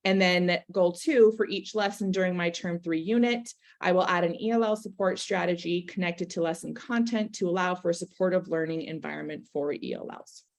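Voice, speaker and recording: Earnest woman teacher presenting, lower-pitched. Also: fairly quick, few pauses. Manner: earnest, with frequent fillers and restarts. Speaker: teacher presenting a case study.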